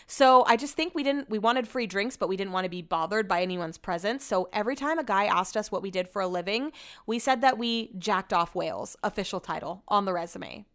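A woman's voice: mid-range voice, lively intonation, fairly quick, a bit bright. A young adult woman hosting a podcast in casual chat, rambling and chatty, saying like a lot and swearing offhand.

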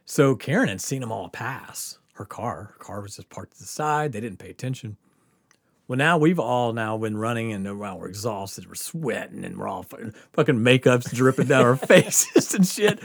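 A man's voice: medium pitch, normal speed, gravelly, no room sound, clean studio sound. A man hosting a podcast, telling a story casually with lots of laughter and acted-out quotes. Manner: animated, laughing often, acts out quotes. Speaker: podcast host.

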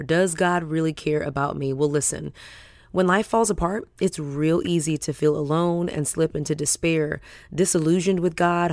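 An effusive woman hosts a faith podcast in a casual chat. Her voice sits fairly low, and the sound is close and dry. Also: darkish tone, dry recording. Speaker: podcast host.

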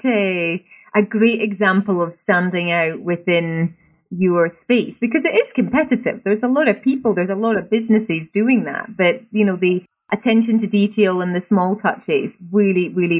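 A Scottish woman hosting an interview at a middle pitch. She sounds keen and encouraging as she puts open questions to her guest. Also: expressive, moderate pace. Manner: enthusiastic, asks open questions. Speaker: interview host. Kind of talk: conversational interview.

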